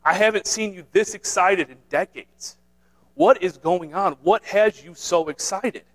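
A man voicing an older wife who gently calms her excited husband, softly and soothingly. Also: sits high, unhurried, low-quality recording. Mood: calming.

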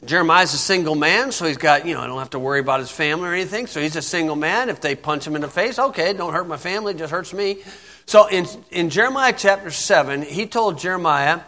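Guy preaching, blunt and folksy, high bright voice, keeps saying okay. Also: fast. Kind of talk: informal sermon.

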